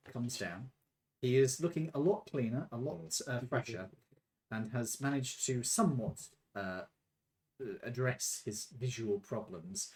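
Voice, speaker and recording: A man running a tabletop game as game master, narrating in a relaxed, halting way with many fillers. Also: medium pitch.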